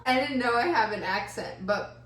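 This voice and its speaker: Texan woman host, bright and bubbly, fairly high pitch; echoey home kitchen. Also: normal speed. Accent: Texas. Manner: bubbly, upbeat, enthusiastic. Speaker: cooking vlog host. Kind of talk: casual cooking demonstration. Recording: echoey kitchen with faint noise.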